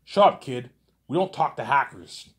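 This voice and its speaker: A man voicing a gruff, dismissive male police officer who speaks in short, commanding orders. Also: mid-range voice, animated, normal speed, pitched above the performer's own voice, close to an everyday voice. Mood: stern.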